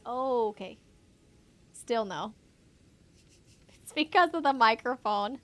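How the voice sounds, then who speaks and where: A woman's voice: fairly high pitch, expressive, slow, pauses often, fairly bright tone, faint music behind. A woman live-streaming a game from her home setup on a foam-covered desk microphone, chatting casually and cooing at her pet in baby talk. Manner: chatty, talks to chat between game moments. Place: home streaming room with a green screen.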